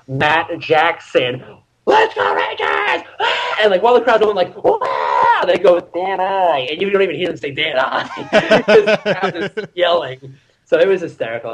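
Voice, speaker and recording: A young man in his twenties talks as a guest on a casual podcast. He tells his stories with energy, breaks into laughter often and shouts out the lines he quotes. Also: on the high side, rough recording. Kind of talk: casual chat.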